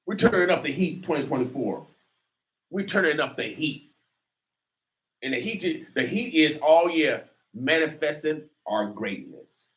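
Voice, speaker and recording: A man hosting a talk radio show, preaching defiantly and rising to near shouts. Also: fairly high pitch, animated, unhurried. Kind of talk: fiery talk radio commentary.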